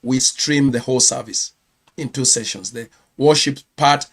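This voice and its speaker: A man's voice: medium pitch, normal speed, a bit bright. A Kenyan man, a pastor, giving a chatty live-streamed news round-up and correcting himself as he goes. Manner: chatty, self-correcting, reads viewer comments.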